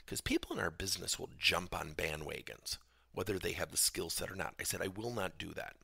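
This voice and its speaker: A man's voice: low-pitched, lively intonation, a little fast, vocal fry, sharp tone, breathy edge, dry recording, clean studio sound. A middle-aged man, a business coach hosting a podcast, tells a story and acts out both sides of a conversation.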